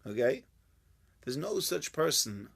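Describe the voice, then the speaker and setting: A man's voice: mid-range voice, big pitch swings, slow pace, gravelly. A man giving an informal Torah class, chatty and joking with his listeners. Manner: chatty, jokey, banters with listeners. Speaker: Torah teacher.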